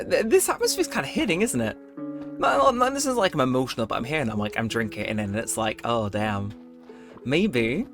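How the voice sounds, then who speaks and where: Male let's-play host, rambling and laid-back, swinging intonation, soft game music under him. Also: mid-range voice. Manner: rambling, chatty, laid-back late-night talk. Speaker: gameplay video host. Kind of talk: casual let's-play commentary. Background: faint game music.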